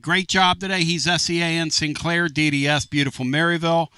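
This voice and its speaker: A man hosting a sports talk radio show, telling animated stories in a brash, lively way. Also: fairly high pitch, brisk, clean tone, no room sound, clean studio sound. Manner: animated storyteller, does mock voices, brash.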